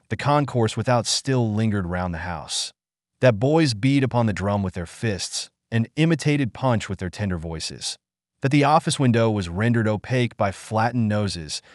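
A man narrating a classic novel in a measured, even storytelling manner. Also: lowish voice, no echo, studio quality. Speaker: audiobook narrator.

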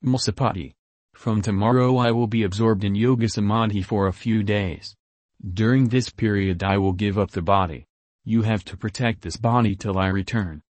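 A man voicing a calm old saint. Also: lowish voice, no room sound, close to an everyday voice. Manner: calm, gentle, unhurried speech.

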